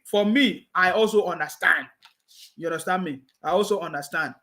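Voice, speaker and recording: A man's voice: high voice, steady tone, brisk, a bit bright. A man with a Nigerian English accent hosting a live stream, reading viewer comments and scolding his critics with repeated mocking taunts. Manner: reads viewer comments aloud.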